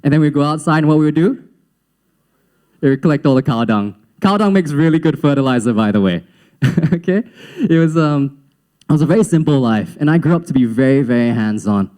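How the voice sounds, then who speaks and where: A man's voice: on the high side, a little fast. A young man from Singapore with a slight Western-sounding accent, telling his life story on stage to a young audience and acting out quotes as he goes. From Singapore, raised in Southeast Asia. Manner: animated storytelling, acts out quotes, laughs often. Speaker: youth event speaker.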